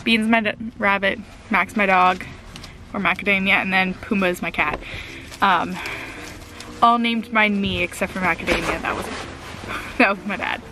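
A woman's voice: mid-range voice, fairly even intonation, normal speed, pauses often, background noise. A young woman chatting casually for her vlog from a car, rambling with fillers and little laughs. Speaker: vlogger.

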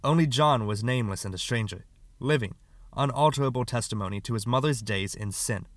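A man reading a short story aloud as an audiobook narrator, calm and measured. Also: mid-range voice, no room sound.

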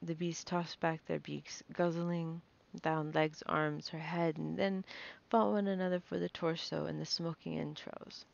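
A woman's voice: low-pitched, level tone, measured pace, vocal fry, dull audio. A woman reading a fantasy novel aloud, nervous, stumbling and correcting herself as she goes. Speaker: reader.

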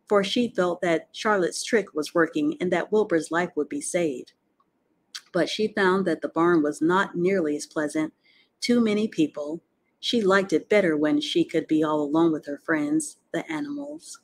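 A woman reading a children's novel aloud as an audiobook, in a slow and deliberate way. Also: lowish voice. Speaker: audiobook reader. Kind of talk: storybook narration.

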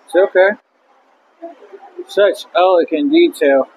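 A man filming on a handheld camera at an indoor museum exhibit, making slow, awed remarks in casual vlog chat. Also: high-pitched, big pitch swings, darkish tone, slightly rough, poor audio.

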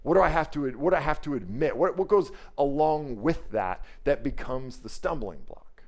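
A man preaching a sermon in a conversational, animated way, acting out quoted voices. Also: mid-range voice, a little fast, few pauses. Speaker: pastor.

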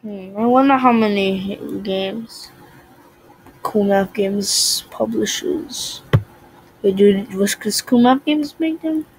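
A young woman giving casual commentary while playing a puzzle game, excitable, swinging from muttering to shouting at the game. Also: mid-range voice, slow pace, breathy edge, no room sound, poor audio. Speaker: gaming video creator.

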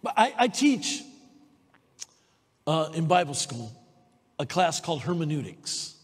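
Animated woman preaching in a reverberant hall. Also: deep voice, unhurried, breathy edge. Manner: lively storytelling, calls for amens. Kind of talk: sermon. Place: church sanctuary.

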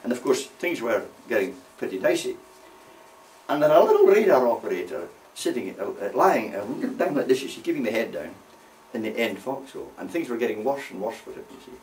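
A man's voice: medium pitch, big pitch swings, fairly quick, a little mellow, slight background noise. An older man, a war veteran telling rambling anecdotes with many "you see" asides. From Scotland. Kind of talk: anecdotal storytelling. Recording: voice from far off the mic.

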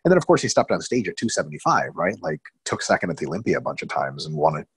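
A man with a low, husky voice co-hosts a casual webinar over a video call, telling stories with lots of swearing and jokes. His pitch swings widely as he talks, and the sound is dry and close. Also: rapid-fire, no echo, rough recording. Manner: profane, joking, animated storytelling. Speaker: co-host.

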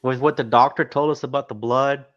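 A man's voice: medium pitch, fairly even intonation, brisk. A man on a casual podcast panel, eager and talking over others while correcting himself. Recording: slightly dull lo-fi audio.

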